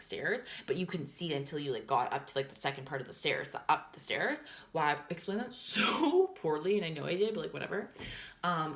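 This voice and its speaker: A woman's voice: sits low, a bit bright. A young woman vlogging a storytime in a casual, rambling way, full of fillers, swearing and laughter. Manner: chatty, filler-heavy with constant "like", swears and laughs.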